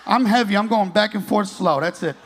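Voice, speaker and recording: A man's voice: high-pitched, brisk, a bit bright, a little hiss or hum. A man in his late thirties doing a profane stand-up comedy set on a club stage, teasing the crowd. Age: 30s.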